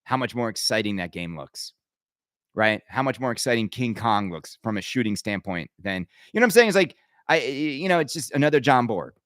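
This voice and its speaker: A man's voice: medium pitch, expressive, brisk, a bit bright, no echo. Fired-up man ranting, dry close sound. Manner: emphatic and rambling, with frequent stammered restarts. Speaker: podcast host. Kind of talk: opinionated podcast rant.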